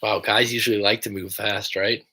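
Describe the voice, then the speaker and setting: A man's voice: fairly low pitch, level tone, moderate pace, sharp tone. A young American man who coaches people through breakups, chatting casually and rambling on a livestream, swearing now and then. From United States.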